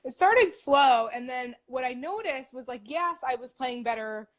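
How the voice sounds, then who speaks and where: A woman's voice: high-pitched, animated, normal speed. A young woman in her twenties, a dietitian, talking about her path in a casual, upbeat interview, with lots of "like" fillers. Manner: chatty, upbeat, many "like" fillers.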